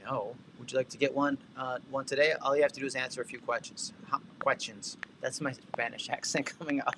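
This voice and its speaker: A man hosts a casual livestream with an energetic, talkative delivery, full of asides and shout-outs to viewers. His voice is bright and forward, at a medium pitch. A faint hiss of background noise sits under the recording. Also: fast. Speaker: livestream host and real estate tech coach.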